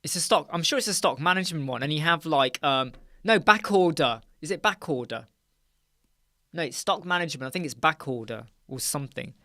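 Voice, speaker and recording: A man from the UK runs a laid-back live-stream chat, joking, laughing and reading viewer comments out loud. His slightly high voice is pushed and bright, fairly quick, with lively intonation. Recorded very dry and close in a dark room with soundproof panels.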